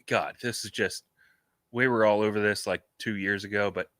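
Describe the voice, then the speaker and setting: Man, podcast co-host, deadpan wry jokes, sharp bright voice. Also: fairly low pitch, normal speed, dry recording, clean studio sound. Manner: wry, deadpan one-liners. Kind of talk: casual podcast banter.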